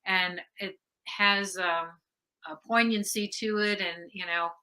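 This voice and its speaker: A woman interviewing a guest in a conversational way, sympathetic and quick to laugh. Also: mid-range voice, fairly even intonation, sharp tone.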